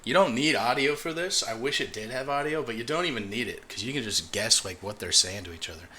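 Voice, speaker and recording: A man's voice: medium pitch, lively intonation, brisk, bright, forceful tone, a little hiss or hum. A man live-streaming, chatting casually as he reacts to a video, swearing and laughing often. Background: faint music.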